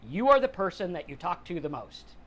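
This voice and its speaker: A man's voice: high voice, sing-song, fairly quick. A middle-aged man hosting a podcast, talking casually and plainly about mental health and sobriety. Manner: conversational, acts out quotes in other voices. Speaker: podcast host. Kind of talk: casual motivational talk on sobriety.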